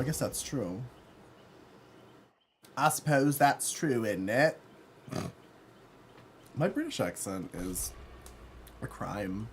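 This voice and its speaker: A man with a medium-pitched voice livestreams a game, chatting casually and playfully with his viewers. He's campy, reads chat aloud, laughs often and yells when excited, with slight background noise in the audio.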